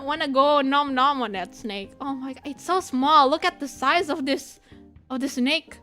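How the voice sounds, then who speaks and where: A young woman streaming and chatting casually with her viewers, giggling often and squealing when excited. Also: high-pitched, moderate pace. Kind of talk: casual chat with chat. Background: soft background music.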